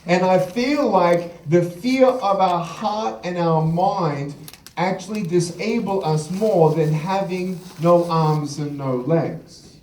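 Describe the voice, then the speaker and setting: High-voiced man speaking in an echoey hall. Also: slow pace, a little mellow, recorded from a distance, slight background noise. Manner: humorous storyteller, acts out quotes with laughter. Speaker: motivational speaker. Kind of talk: live keynote speech with anecdotes. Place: large event hall.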